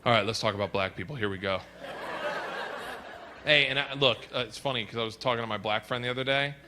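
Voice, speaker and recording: A middle-aged man doing a stand-up comedy set, telling stories loudly and acting out quoted lines in shifting voices. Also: mid-range voice, quick pace. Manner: loud storytelling, acts out quotes in shifting voices. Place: comedy stage before a laughing audience. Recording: live stage mic with audience noise.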